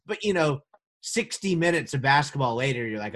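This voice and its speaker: A man co-hosting a casual sports podcast, talking in an animated, joking way with quick restarts. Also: mid-range voice. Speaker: podcast co-host.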